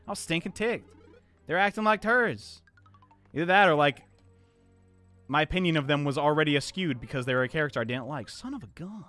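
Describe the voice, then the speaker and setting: A young man streaming a platform game live, chatting with viewers and yelling at his mistakes. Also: fairly high pitch, fairly quick, faint music behind. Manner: animated, chatty, answers chat, swings to yelling at the game. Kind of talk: live gameplay commentary.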